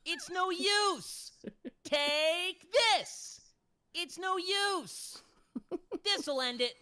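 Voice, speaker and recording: A man putting on the voice of an earnest teenage hedgehog hero from a game, slightly nasal and shouting battle lines. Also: very high-pitched, extremely slow, pitched above the performer's own voice, heavily acted. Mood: battle-ready. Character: heroic teen male hedgehog from a game, earnest battle cries.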